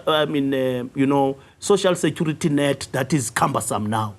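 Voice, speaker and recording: A South African man, a youth league official, arguing his case in a news interview, assertive and clearing his throat often. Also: lively intonation, normal speed, few pauses. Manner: assertive, rises in pitch when pressing a point, frequent throat clearing. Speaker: youth league secretary general, interview guest. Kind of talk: political interview, argumentative.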